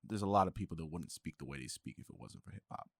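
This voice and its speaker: A man with a fairly low voice hosts a casual podcast chat. He thinks aloud, stumbles and restarts his sentences. The sound is close and dry, with no room echo. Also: very animated, fast, gravelly, slightly rough. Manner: rambling, hesitant, restarts often. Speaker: podcast host.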